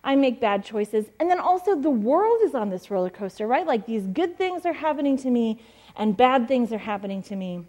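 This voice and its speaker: A woman's voice: a little high, lively intonation, normal speed, dark tone. A woman in her forties giving a sermon as a pastor, telling stories in a chatty way with many fillers. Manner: chatty, storytelling, frequent fillers and laughs. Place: church stage.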